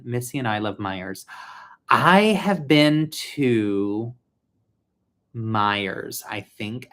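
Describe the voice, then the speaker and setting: A man hosting a casual livestream from home, chatting and thinking out loud as he builds and answers viewers. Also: mid-range voice. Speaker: livestream host building toy sets. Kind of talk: casual live chat while building.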